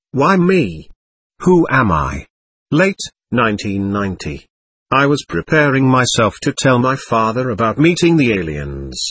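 A man in his twenties telling his own story in earnest, measured first-person narration. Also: mid-range voice, a bit bright, breathy edge, no room sound. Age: 20s.

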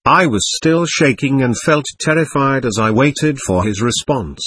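Husky man narrating a personal memoir. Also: mid-range voice, a bit bright, no echo. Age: 20s. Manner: earnest, measured storytelling.

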